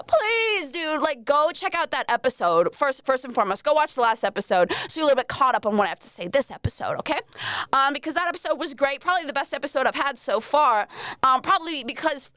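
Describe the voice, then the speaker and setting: A woman's voice: high voice, expressive, fast, bright, forceful tone, no echo, studio quality. A young Australian woman hosting a podcast, rambling and self-mocking, swearing freely as she chats alone. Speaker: podcast host. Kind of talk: casual solo podcast chat.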